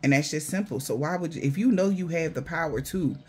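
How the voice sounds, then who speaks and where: A man's voice: a little high, a little fast, husky. A man giving a casual spiritual reading to viewers, blunt, profane and mocking, in loose slangy talk. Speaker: spiritual reader.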